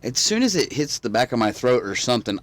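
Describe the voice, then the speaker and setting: A man's voice: medium pitch, big pitch swings, quick pace, no room sound. A man, rambling through stories in a casual chat as podcast host. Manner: rambling storyteller, drawling, swears freely.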